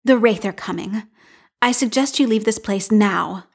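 A woman's voice: mid-range voice, a little slow. A woman voicing a firm mother speaking urgently with fear under it. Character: fearful, urgent mother of a young girl.

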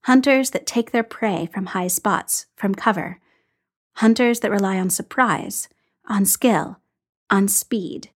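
A woman reading a story aloud and voicing a calm, dry, affectionate adult man in a measured, low-key way. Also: husky.

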